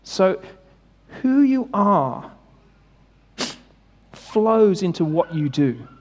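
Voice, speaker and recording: A man's voice: high-pitched, big pitch swings, very slow. Man preaching in a reverberant hall. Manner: conversational, emphatic, rhetorical questions. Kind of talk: sermon.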